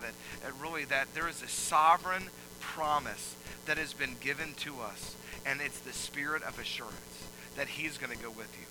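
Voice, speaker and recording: A male pastor preaching a sermon, moving from quiet explaining to loud, emphatic preaching. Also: mid-range voice, background noise.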